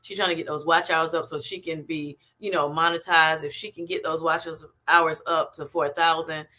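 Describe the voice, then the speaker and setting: A bright, forceful woman's voice, hosting a live stream in a loose, chatty way. She is middle-aged and effusive, and she keeps pouring out thanks to her viewers. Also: low voice, flat delivery, moderate pace. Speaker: livestream host. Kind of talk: casual live-stream chat.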